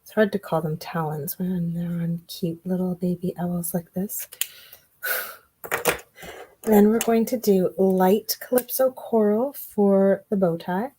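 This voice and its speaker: A woman giving a relaxed card-making tutorial, chatting and thinking aloud as she works. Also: on the low side, slow, a little hiss or hum, low-quality recording. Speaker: craft demonstrator.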